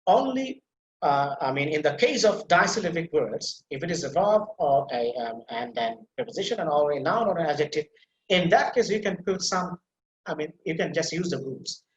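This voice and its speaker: A male teacher giving a pronunciation lecture, repeating example words slowly and stressing their syllables, a native Bengali speaker. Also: fairly high pitch, lively intonation, echoey room, highs cut off. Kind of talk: online lecture.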